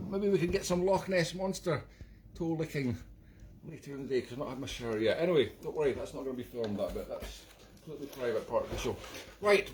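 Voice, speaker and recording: A man's voice: medium pitch, slight background noise. A man hosting a live online music show, chatting in a rambling, self-mocking, jokey way between songs.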